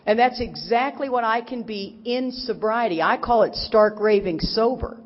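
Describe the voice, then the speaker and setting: A middle-aged woman from Texas talks to a crowd with folksy, teasing energy. Her voice sits fairly high. The recording is muffled and carries a long echo from a big conference hall. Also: normal speed. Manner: animated and folksy, teasing the audience. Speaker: recovery speaker. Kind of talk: recovery talk to a crowd.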